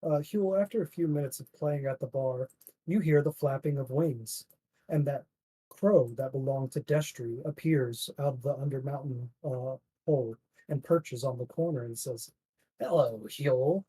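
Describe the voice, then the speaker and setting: A man's voice: medium pitch, moderate pace, mellow, husky, rough recording. A man narrating as game master, voicing the townsfolk with "he says" and "she says" before each line. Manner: plays the merchant and innkeeper voices with "he says".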